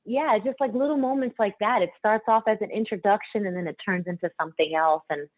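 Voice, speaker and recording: A young woman singer telling stories in a casual interview, animated and quick to act out what others said. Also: medium pitch, no echo. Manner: animated, acts out quotes, laughs often. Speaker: singer and guest. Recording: tinny phone-line sound.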